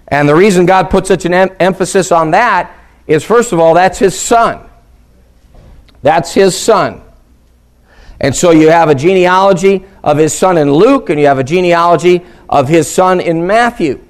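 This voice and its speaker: A man's voice: on the high side, clear, resonant tone. A man teaching a Bible lesson on a radio ministry, reading verses aloud and stressing key words. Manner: reads scripture aloud slowly, stressing key words with questions.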